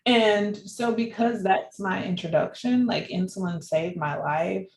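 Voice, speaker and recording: A woman guest in an interview, telling her personal story in an animated way and laughing often. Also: medium pitch, a little slow, creaky. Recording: echoey room with faint background noise.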